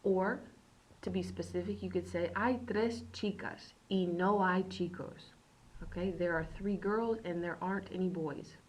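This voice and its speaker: A woman teaching beginner Spanish in a recorded lesson. She repeats words slowly and keeps checking in with "okay". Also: lowish voice, fairly even intonation, rough recording.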